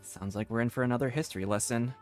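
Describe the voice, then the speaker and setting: A woman's voice: extremely low pitch, quick pace, a little mellow, soft background music. A woman streamer giving casual gameplay commentary with joking, playful asides.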